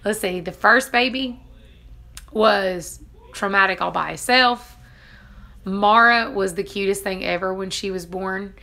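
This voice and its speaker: A woman's voice: medium pitch, unhurried, bright, forceful tone. A woman in her thirties, a vlogger and mother, chatting casually and telling stories, acting out quotes and laughing often. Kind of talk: casual chat.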